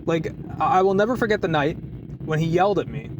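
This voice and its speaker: A man telling a work story in a casual, animated vlog, with many restarts and short laughs. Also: fairly high pitch, fast talker, highs cut off, background noise. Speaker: deli worker venting in a vlog. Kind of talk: casual chat.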